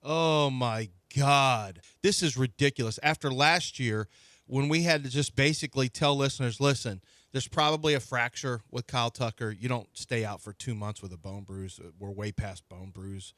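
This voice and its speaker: A man's voice: medium pitch, moderate pace, fairly bright tone, dry recording, clean studio sound. A man hosting sports talk radio, ranting indignantly and restarting his sentences.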